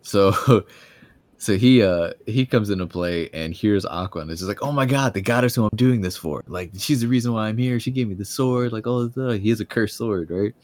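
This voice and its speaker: A man's voice: lowish voice, normal speed, darkish tone, no room sound. A young man casually recapping an anime episode, laughing often and acting out the characters' lines.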